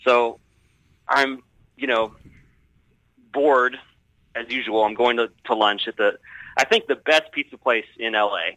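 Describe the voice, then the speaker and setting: A man's voice: mid-range voice, a little slow, pauses often, pushed and bright, no echo, dull audio. A man in casual chat, telling a story in a rambling, hesitant way with lots of fillers. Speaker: guest storyteller.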